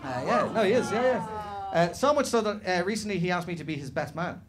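A man doing animated stand-up storytelling on a comedy club stage, slipping into other people's voices. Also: high voice, fast, a crowd in the background. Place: comedy club stage before a live audience. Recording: live room with audience laughter.

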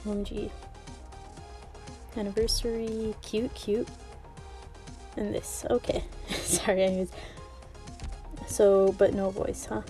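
A woman's voice: mid-range voice, flat delivery, slow pace, pauses often, mellow, soft background music. A woman chatting casually while playing a game; she laughs often, rambles and sounds a little out of breath. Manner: giggly and rambling. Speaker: gaming video creator.

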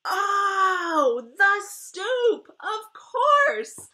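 A woman doing an excitable little girl. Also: extremely high pitch, a little slow, voice pushed up, exaggerated voice. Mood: shrieking. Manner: shrieking, excitable. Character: little girl, wild and imaginative.

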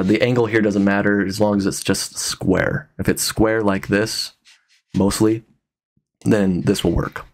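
A man from Utah talking through a casual software tutorial, relaxed and a bit tired, with lots of ums and restarts. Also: fairly low pitch. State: tired, yawning. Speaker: tutorial host.

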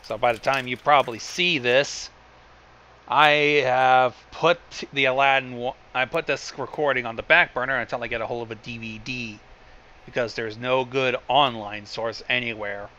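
A man's voice: medium pitch, steady tone, normal speed, bright, forceful tone. Sardonic man mocking a cheap cartoon. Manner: sardonic and profane. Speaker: host riffing on a film. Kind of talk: casual mocking commentary.

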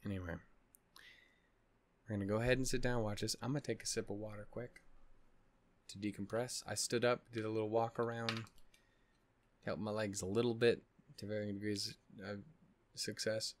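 With a flat, lowish delivery at a moderate pace and long pauses, a man hosts an anime reaction video. He yawns and sounds drained and upset, swearing and rambling with many restarts in a casual vlog manner.

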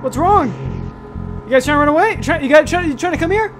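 A young man giving let's-play commentary, excitable, yelping and shouting at enemies, then calmly musing. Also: extremely high pitch, fast, over music. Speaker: gaming YouTuber.

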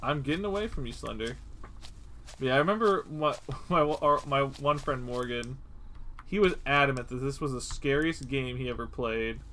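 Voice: mid-range voice, normal speed, a bit bright, a little hiss or hum, poor audio. A young adult streamer giving live gameplay commentary, swearing often, laughing at the game and talking straight to the enemy.

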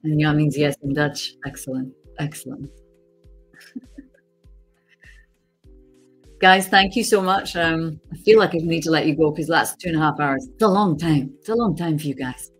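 A woman with a low, husky voice chats casually on a livestream. She talks warmly and loosely, laughing often and reading viewers' messages aloud as she goes. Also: moderate pace, long pauses, faint music behind. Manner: chatty, laughs often, reads chat aloud. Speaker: actress hosting a fan signing livestream.

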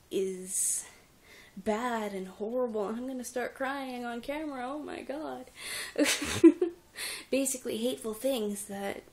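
Filming herself at home with a camera at arm's length, a young reptile rescuer pours out her frustration in a rambling, tearful vlog. Her voice sits at a medium pitch and sounds a little mellow.

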